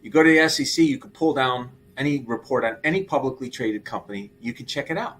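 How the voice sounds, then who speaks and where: A middle-aged man hosting casual market commentary, animated and exclaiming as he walks through figures. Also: medium pitch, fast, a little hiss or hum. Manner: animated, exclaiming and laughing at the numbers. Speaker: show host.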